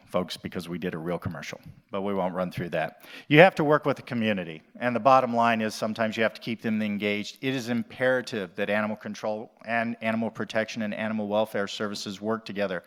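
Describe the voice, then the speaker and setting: A man's voice: on the low side, fairly quick, a bit bright. A man from the USA, an animal shelter director, giving a conference presentation in a jokey, conversational way and addressing the audience directly.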